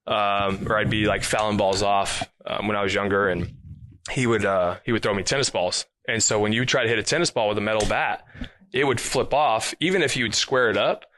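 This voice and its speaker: A man with a somewhat low voice chats casually in an interview. He recounts stories and fills them out with a lot of "like." He sounds easy and conversational. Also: a little fast. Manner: chatty, many "like" fillers, animated recounting. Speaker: professional baseball player, guest.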